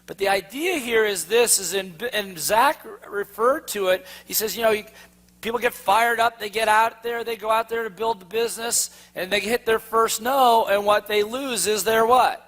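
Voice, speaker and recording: A man's voice: high voice, normal speed, fairly bright tone. A man giving a sales seminar to a live audience, quizzing them with fill-in-the-blank questions. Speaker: sales trainer. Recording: long hall reverb.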